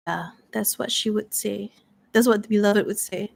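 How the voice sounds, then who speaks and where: A woman's voice: mid-range voice, moderate pace, gravelly. A woman playing through a solo tabletop story game, thinking aloud hesitantly as she reads tarot cards.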